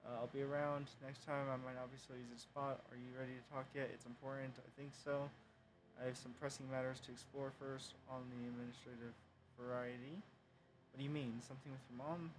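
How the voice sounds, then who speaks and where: A man's voice: medium pitch, level tone, fairly quick, noisy background. A man streaming a game and reading its dialogue and journal entries aloud himself. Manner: reads all game text in his own voice, with bursts of loud exclamation. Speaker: gameplay streamer.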